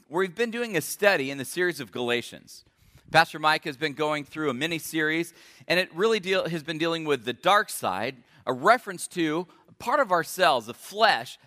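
Pastor guy giving a sermon, bright fairly high voice, echoey church hall. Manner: friendly, asks the congregation questions. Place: church sanctuary.

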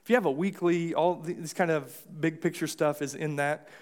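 Man, American accent, pastor preaching a sermon, relaxed chatty delivery, lots of restarts, fairly high voice. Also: moderate pace. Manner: casual, conversational preaching with many restarts and acted asides. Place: church sanctuary.

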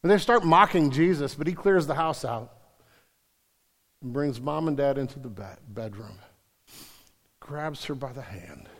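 A man preaching a sermon as pastor, swinging from hushed whispers to loud, emphatic passages and repeating words for emphasis. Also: mid-range voice, animated, a little slow, pauses often, long reverb tail. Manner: repeats words and restarts when stressing a point.

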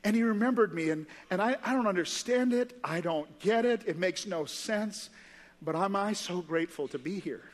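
A man playing a pardoned criminal in heaven who marvels in halting restarts, in a sermon. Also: high-pitched, lively intonation, big-room sound. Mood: grateful. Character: pardoned male criminal in heaven, awestruck and grateful.

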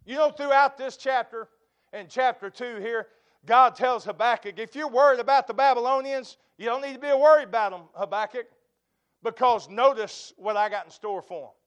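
Preacher guy, high voice, gets loud then goes real quiet, classic sermon style. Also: moderate pace, clean tone, highs cut off. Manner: emphatic preaching, swells loud then drops to near quiet. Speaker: pastor.

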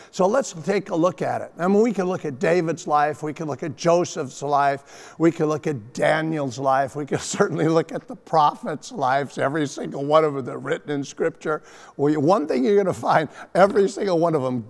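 A man preaching a sermon as pastor, emphatic and animated, often repeating his phrases for weight. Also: fairly high pitch, vocal fry. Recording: long reverb of a large hall.

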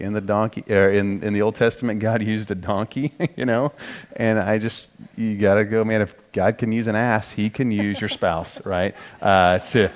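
A middle-aged man teaching a marriage course in a relaxed, conversational way, joking at his own expense and getting animated when he quotes himself. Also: fairly low pitch.

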